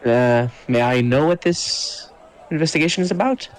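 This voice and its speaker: A man's voice: a little high, normal speed, close to an everyday voice, rough recording. A man voicing a polite, curious female adventurer in a tabletop game, speaking hesitantly with many fillers.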